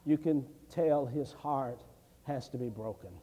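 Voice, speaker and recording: A man's voice: mid-range voice, unhurried, mellow. A middle-aged man preaching a sermon as an evangelist, telling homely stories and building to fervent declamation. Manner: folksy storytelling, rising to fervent declamation. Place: church sanctuary. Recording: long church hall reverb.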